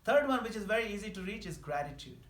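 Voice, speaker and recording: A man giving an earnest devotional class, voicing prayers in a soft pleading tone. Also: high voice, very animated, fast talker. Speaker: spiritual teacher. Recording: echoey room with faint noise.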